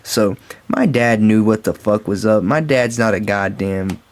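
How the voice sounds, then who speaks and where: A man's voice: lowish voice, measured pace. Rambling, profane man telling a story. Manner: profane, rambling, addresses viewers as guys and bro. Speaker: storytime vlogger. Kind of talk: casual storytime monologue.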